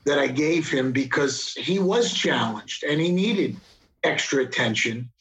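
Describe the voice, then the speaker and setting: Slow, reflective middle-aged man. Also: medium pitch, expressive, fairly bright tone, rough recording. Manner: slow, reflective, full of pauses and restarts. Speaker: guest, father of the host. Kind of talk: casual conversation.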